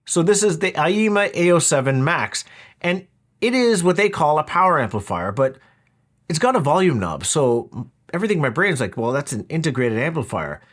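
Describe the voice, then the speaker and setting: A man's voice: fairly high pitch, very animated, normal speed, fairly bright tone. A man talking through a product review in a casual, wry, conversational way. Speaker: audio equipment reviewer.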